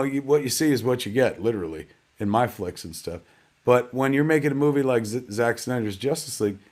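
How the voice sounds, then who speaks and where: A middle-aged man hosting a live online premiere show, rambling casually and poking fun at himself, dropping "man" and "kids" as he talks. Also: mid-range voice. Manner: chatty, rambling, self-deprecating, peppered with "man" and "kids". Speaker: host.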